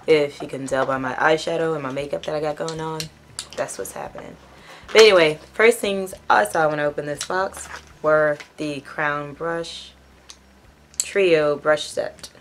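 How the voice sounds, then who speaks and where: A woman's voice: deep voice, fairly even intonation, moderate pace, a little hiss or hum. A congested young woman reviewing a beauty box in a casual, rambling chat with self-corrections. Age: young adult. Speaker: beauty vlogger.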